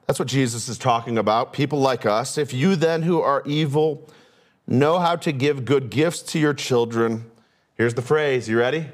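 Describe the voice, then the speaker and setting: A man pastor preaching a sermon, asking rhetorical questions and shifting his pace and pitch often. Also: moderate pace.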